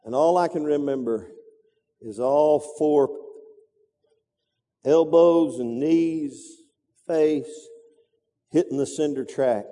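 High-voiced preacher in an echoing hall. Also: male voice, takes it slowly, pauses often, mellow. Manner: dramatic storytelling with sound effects and repetition. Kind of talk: sermon. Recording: reverberant hall.

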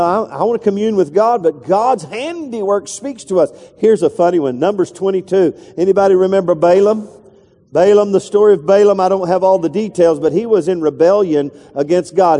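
High-voiced pastor preaching in a reverberant hall. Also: male voice, warm tone. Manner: conversational, rambling with restarts and asides. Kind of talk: sermon.

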